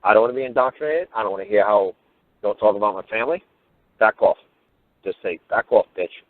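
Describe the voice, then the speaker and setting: A man's voice: on the low side, fairly quick. A man giving a profane, heated radio monologue as a talk show host. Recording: phone-line radio audio.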